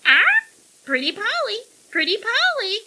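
A woman voicing a male parrot that squawks pirate phrases in a shrill, piercing voice. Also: huge pitch swings, a little slow, bright, forceful tone, heavily acted. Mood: squawking.

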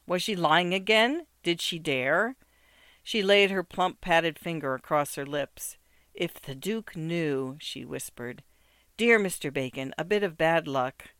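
A man narrating a literary story aloud in a measured, expressive, rhythmic way. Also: on the high side, clean tone, no echo, studio quality.

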